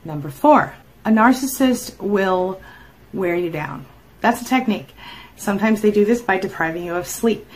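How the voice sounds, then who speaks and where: A middle-aged woman talks straight to the listener as a life coach, lively and conversational. She slips into quoted voices now and then, acting them out with a rise in pitch. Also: slight background noise, poor audio. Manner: animated, acts out quoted voices. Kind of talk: explainer talk to camera.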